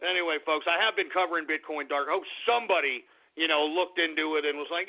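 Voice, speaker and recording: A male radio host with a slightly high voice talks fast through a rambling, flustered call-in show monologue, often apologizing and starting over. The audio sounds tinny, like phone-quality radio.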